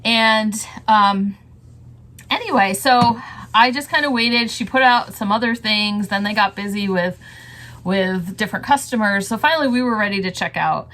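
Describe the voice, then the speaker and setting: A woman's voice: mid-range voice, normal speed, a bit bright. A woman reseller chatting casually about her thrift store finds, rambling and laughing often. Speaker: reseller vlogger. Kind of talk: casual thrift haul chat.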